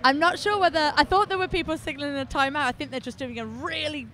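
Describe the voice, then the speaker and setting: A woman's voice: high voice, fast talker, pushed and bright, a little hiss or hum. A woman commenting live on a roller derby game, chatty, giggly and self-mocking. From England.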